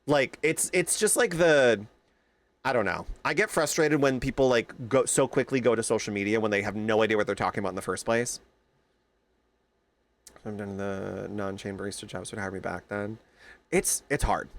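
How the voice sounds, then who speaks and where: A young man streaming, chatting casually with his viewers, telling animated stories and greeting them by name. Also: fairly low pitch, a little fast.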